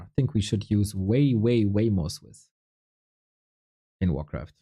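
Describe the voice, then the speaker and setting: A man casting an esports live stream in a relaxed, chatty way, joking with viewers while sounding tired and a bit unwell. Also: fairly low pitch, slow, breathy edge. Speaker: esports caster.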